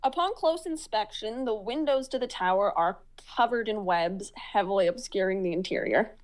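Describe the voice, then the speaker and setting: A woman narrating a tabletop role-playing game as game master, descriptive and halting with fillers. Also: mid-range voice, rough recording.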